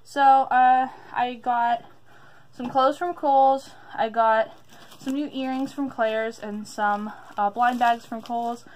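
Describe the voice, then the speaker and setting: A woman's voice: fairly high pitch, fairly even intonation, slow pace, rough recording. A young woman chatting upbeat to her viewers in a casual haul vlog from home, a little out of breath. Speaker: vlogger.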